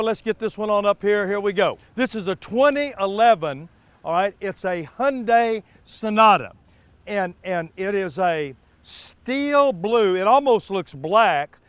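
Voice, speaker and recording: Smooth high-voiced car salesman. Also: no room sound. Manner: folksy, repeats words, stumbles. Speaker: car show co-host. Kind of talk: sales pitch on a car lot. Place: outdoor car dealership lot.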